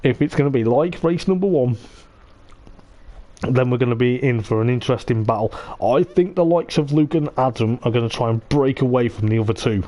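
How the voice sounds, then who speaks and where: A man giving live commentary on an online racing league, excitable and repetitive, laughing often, his voice going hoarse. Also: mid-range voice, a little fast. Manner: excitable, repeats "I tell you what", laughs often. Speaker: race commentator.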